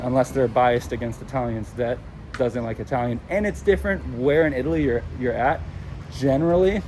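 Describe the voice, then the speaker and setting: Brief: chatty, opinionated male travel vlogger walking outdoors, handheld mic picking up clear traffic noise. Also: medium pitch, dark tone. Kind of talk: casual walking vlog. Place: city streets outdoors. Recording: street noise around the mic. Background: traffic and urban street noise.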